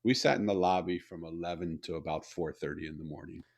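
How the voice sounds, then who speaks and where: Gravelly low-voiced man telling stories. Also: steady tone. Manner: unhurried storyteller, softens for reflection. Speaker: author and CEO, interview guest. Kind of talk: reflective personal storytelling in conversation.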